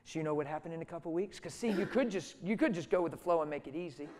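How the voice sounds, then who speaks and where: A middle-aged man preaching a sermon through stories, dropping to hushed tones and then rising to loud, emphatic lines. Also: fairly high pitch, rapid-fire. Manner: storytelling, swings from soft and hushed to loud and emphatic. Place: church hall. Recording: reverberant hall.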